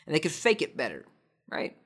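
A man's voice: fairly high pitch, wildly swooping pitch, a little fast, fairly bright tone, husky. A man hosting a podcast, answering listener questions in a rambling, tongue-in-cheek monologue full of false starts and repeated words. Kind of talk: casual comedic monologue.

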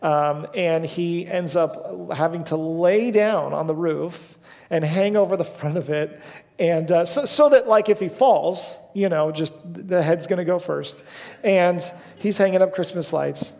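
Young male pastor, slightly high and gravelly, loose self-deprecating storyteller preaching in a reverberant church. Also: unhurried, darkish tone. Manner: casual storytelling, self-deprecating, with frequent fillers. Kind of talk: sermon. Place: church sanctuary.

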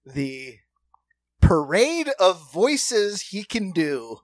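A man telling a long story on a podcast in a lively, animated way, acting out other people's voices and laughing often. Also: high voice, very slow, no room sound, studio quality. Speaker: podcast co-host. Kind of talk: casual storytelling chat.

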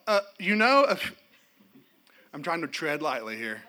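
A middle-aged male pastor preaches with a high, lively voice that swings up and down as he tells a story. His tone is very bright and cutting. He keeps the congregation involved with humor and questions. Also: measured pace. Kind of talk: sermon. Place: church.

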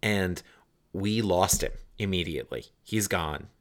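Deep-voiced man telling a rambling story. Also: measured pace. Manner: rambling, with restarts and casual swearing. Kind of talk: casual anecdote telling.

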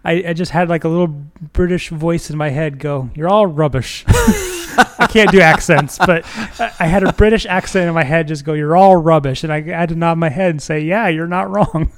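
A man with a fairly high voice chats as a podcast co-host, light and giggly. He keeps things casual and easygoing. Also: animated, moderate pace. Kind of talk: casual chat.

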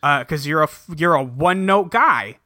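A man voicing a brooding, blunt young hero in a casual recap, with a flat, clipped delivery. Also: a little high, moderate pace, no echo, studio quality.

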